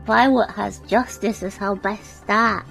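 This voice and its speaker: Slow-talking British woman streamer. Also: medium pitch, steady tone, gravelly, fairly bright tone, faint music behind, low-quality recording. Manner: chatty and giggly, rambling with restarts. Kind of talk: casual live-stream chat while gaming.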